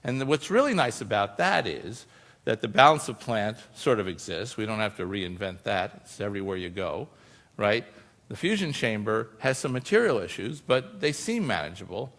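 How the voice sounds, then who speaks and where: A man's voice: fairly low pitch, lively intonation, moderate pace, fairly bright tone. Man explaining casually in a reverberant hall. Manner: explains informally, often adds "you know" and "right?". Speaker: scientist giving a public talk. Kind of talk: conversational presentation.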